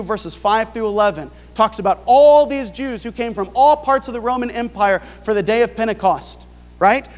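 A man's voice: sits high, long reverb tail. A male pastor preaching a sermon, pressing his point with rhetorical questions.

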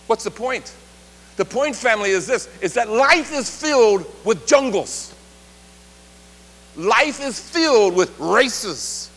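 High-voiced man preaching in a hall. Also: expressive, slow. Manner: call-and-response preaching, varying loudness. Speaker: pastor. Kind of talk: sermon. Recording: reverberant hall, faint hum.

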